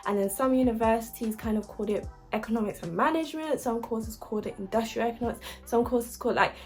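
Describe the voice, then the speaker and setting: With soft music in the background, a young woman from the UK chats about university applications in a casual, upbeat way, using lots of likes and ums. She speaks fast, in a high-leaning and slightly mellow voice.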